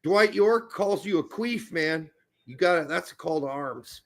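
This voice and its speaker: A man co-hosting a live soccer watch-along stream, talking casually with lots of swearing and bursts of shouting. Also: on the high side, measured pace, creaky. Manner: excitable, profane, bursts into shouting over goals.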